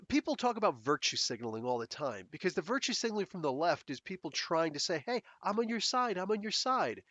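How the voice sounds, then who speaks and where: A man's voice: high-pitched, fairly bright tone, dry recording. Blunt, rambling man on a dry close mic. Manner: rambling, blunt and sarcastic, laughs often. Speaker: podcast host. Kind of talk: casual solo podcast chat. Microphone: close desk mic.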